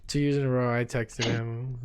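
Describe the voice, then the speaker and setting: A man's voice: medium pitch, level tone, moderate pace, clean tone. Easygoing young man chatting on a podcast. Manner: easygoing, rambling, laughs a lot. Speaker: podcast co-host. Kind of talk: casual chat.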